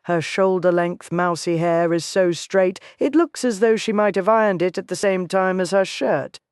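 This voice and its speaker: Woman reading a thriller audiobook, smooth clear voice, dry close mic, steady. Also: fairly low pitch, normal speed, dry recording. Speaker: audiobook narrator. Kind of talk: scripted first-person narration.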